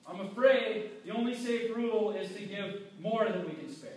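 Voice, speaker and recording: A man's voice: high-pitched, normal speed. A man preaching a sermon as pastor, talking casually and acting out quoted people. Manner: conversational preaching, acts out quotes. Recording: echoey hall from far off.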